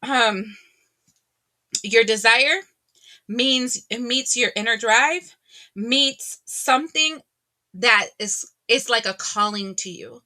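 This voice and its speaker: A woman giving a casual tarot reading to her viewers, chatty and animated, often laughing and exclaiming. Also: a little high, slow, pauses often. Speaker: tarot reader.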